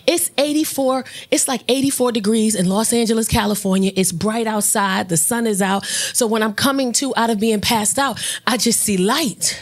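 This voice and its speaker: Woman stand-up, high voice, brash and foul-mouthed, goes loud and shrill on the big lines. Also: moderate pace, few pauses. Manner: brash, profane storytelling, shifting into loud high shouts at punchlines. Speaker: stand-up comedian. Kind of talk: stand-up comedy storytelling. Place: comedy stage with audience.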